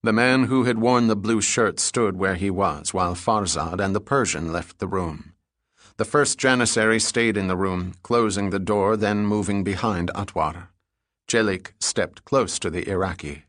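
Low-voiced male audiobook narrator. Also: moderate pace, a bit bright, no room sound, clean studio sound. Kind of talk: scripted thriller narration.

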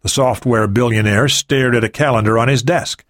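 A man's voice: medium pitch, moderate pace. A man reading a thriller audiobook aloud, shifting his voice for the characters. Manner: expressive, varies voices for characters. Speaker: audiobook narrator. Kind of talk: scripted narration.

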